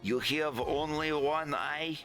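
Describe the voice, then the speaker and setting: A bossy young man waves a knife and snaps out curt, broken orders, as a man puts him on. The voice is pitched high and tight. Faint music runs beneath it. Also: slow pace, a bit bright. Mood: demanding. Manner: curt, commanding, broken phrasing.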